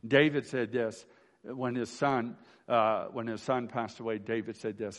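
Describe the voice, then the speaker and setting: A male pastor preaches at a memorial service in a church, mixing scripture with homely stories. His voice sits at an ordinary middle pitch, and he talks in a loose, folksy way, repeating words and checking in with "right?". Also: steady tone, measured pace. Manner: folksy storytelling with frequent restarts and "right?". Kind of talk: funeral sermon.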